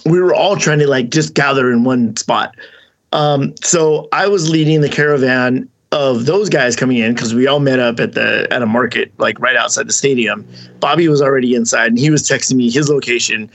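A man hosting a podcast, telling a long story in casual chat, rambling and animated, acting out the voices of the people he quotes. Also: medium pitch, moderate pace, gravelly. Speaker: podcast host.

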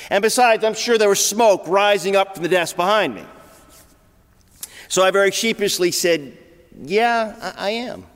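A man preaching a sermon, telling a personal story in an earnest way and often repeating words as he goes. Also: high voice. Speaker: pastor. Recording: long hall reverb.

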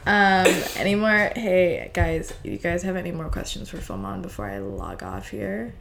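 Young female co-host, low-pitched, lively in pitch, sleepy and teasing. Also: moderate pace, gravelly, slight background noise. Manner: laid-back, sleepy, teasing. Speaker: guest interviewer. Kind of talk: casual chat.

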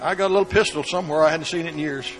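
A man preaching a sermon, moving between soft storytelling and shouted emphasis. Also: fairly high pitch, racing, soft background music.

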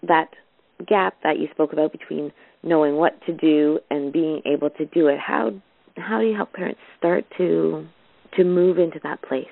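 A woman podcast host asks her guest questions, hesitant and affirming. Her voice has a gravelly edge. It comes through a thin, phone-like line. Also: low-pitched, steady tone, normal speed, no room sound. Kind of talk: interviewer asking questions. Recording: tinny phone-line sound.

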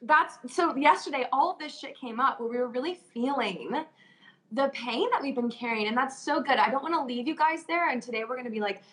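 Earnest woman with a fairly high voice. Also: a little fast, fairly bright tone, low-quality recording. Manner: earnest, emotional, talks of healing and transformation. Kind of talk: casual chat.

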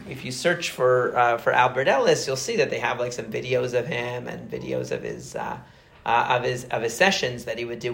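A man's voice: mid-range voice, vocal fry, fairly bright tone, roomy sound. A young man casually explaining psychology in a chatty, rambling way full of fillers.

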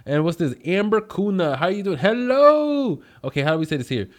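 A man's voice: high voice, very animated, a little fast. Upbeat man greeting livestream viewers. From United States. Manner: upbeat shout-outs, rambling asides. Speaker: livestream host.

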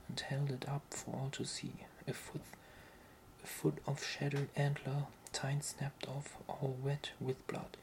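A narrator softly whispering a fantasy novel aloud in whispered role-play, slow and even. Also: medium pitch, gravelly, a little hiss or hum, poor audio.

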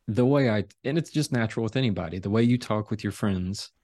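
A man with a deep voice, a trial lawyer speaking as a guest over a video call, talking slowly, calmly and deliberately. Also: no room sound, studio quality. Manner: slow, calm, deliberate delivery. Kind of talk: casual interview talk.

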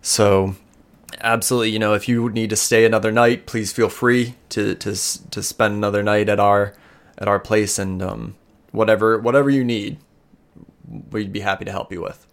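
A man's voice: on the low side, steady tone, normal speed, smooth, natural voice. A man voicing a nervous, grateful man who keeps apologizing, in a tabletop game.

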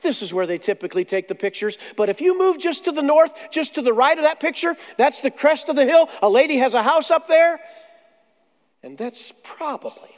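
A man delivers a sermon in a strikingly high voice, mixing jokes with slow, dramatic pauses. His words ring out with a long reverb from a big hall. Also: lively intonation. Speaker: pastor.

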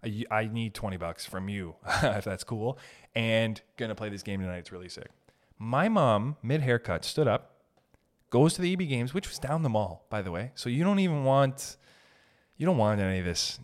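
A man hosting a solo podcast, telling stories in an animated, profane way and laughing as he talks. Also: mid-range voice. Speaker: podcast host.

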